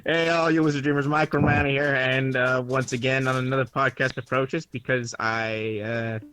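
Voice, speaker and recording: A man's voice: medium pitch, little pitch movement, normal speed, fairly bright tone. A man co-hosting a casual gaming podcast, jokey and offhand. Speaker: podcast co-host.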